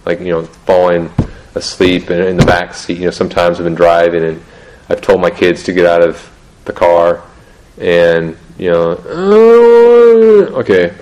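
A middle-aged man talking through parenting in a casual, halting way, restarting sentences often and laughing at himself. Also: sits low, completely flat delivery, darkish tone, muffled recording. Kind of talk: casual teaching talk on parenting.

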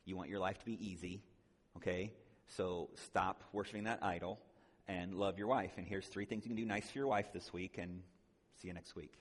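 An earnest man teaches in a conversational sermon style, now and then acting out the voices of the people he quotes. His voice sits fairly low, and it rings with a long reverb as if he were in a large hall. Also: fairly even intonation, normal speed. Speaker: speaker at a church conference.

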